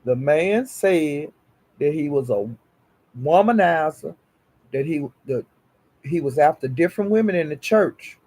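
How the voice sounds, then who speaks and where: A man telling a gossipy story in a casual, animated way. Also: on the high side, a little slow.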